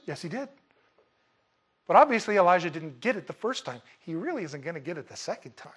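A male pastor with a notably high-pitched voice preaches with great animation, booming out scripture and then dropping to a near hush. He throws in joking, conversational asides to the congregation. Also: brisk, husky. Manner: animated, swings from loud emphatic reading to soft hushed asides. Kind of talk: sermon.

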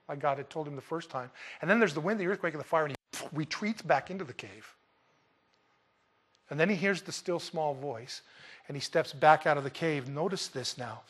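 A male pastor with a notably high-pitched voice preaches with great animation, booming out scripture and then dropping to a near hush. He throws in joking, conversational asides to the congregation. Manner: animated, swings from loud emphatic reading to soft hushed asides. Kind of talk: sermon.

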